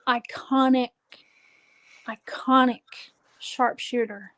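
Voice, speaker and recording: A woman's voice: a little high, fairly even intonation, takes it slowly, a bit bright. A woman co-hosting a wrestling watch-along, chatting casually and chiming in with questions and trivia. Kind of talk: casual chat.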